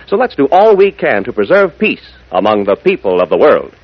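A man's voice: mid-range voice, sing-song, a little fast, heavy background noise. A man announcing on a 1940s radio program, folksy and upbeat, talking straight to young listeners, on a muffled old broadcast.

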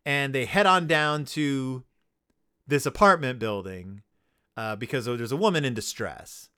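A man's voice: medium pitch, unhurried, bright, forceful tone, clean tone, no echo, clean studio sound. A man hosting a comedy podcast, sarcastically recapping a children's book and riffing on it. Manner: sarcastic, riffing, acts out characters. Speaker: podcast host.

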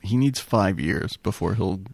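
A man co-hosting a podcast movie commentary, playful and quick with jokes. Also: deep voice, expressive, vocal fry. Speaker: podcast co-host. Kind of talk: casual movie commentary chat.

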